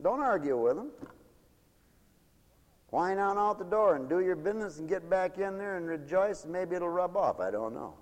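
A man preaches in a folksy, animated way, mimicking the people in his stories. His voice sits high and leaps up and down. The hall behind him rings with long reverb. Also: moderate pace. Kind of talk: folksy sermon.

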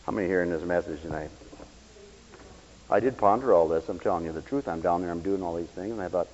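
A man preaching a sermon, swinging between loud exclamations and low asides and acting out the voices of the people he quotes. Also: expressive, fast talker. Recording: dull, lo-fi radio broadcast with hall reverb.

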